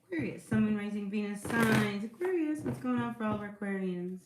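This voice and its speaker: A woman chats through a tarot reading at a middle pitch, her voice bouncing around an echoey room. She talks loosely and reassuringly, with plenty of fillers and frequent "all right?" check-ins. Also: brisk, very noisy. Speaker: tarot reader. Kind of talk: casual tarot reading for viewers.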